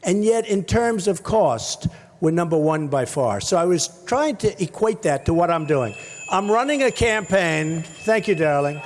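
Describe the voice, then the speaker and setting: High-pitched man shouting a rally speech. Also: expressive, measured pace, slight background noise. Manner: rambling, repetitive, punchy short phrases, shouting to the crowd. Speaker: political candidate at a rally. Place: large rally venue with a crowd. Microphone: stage microphone.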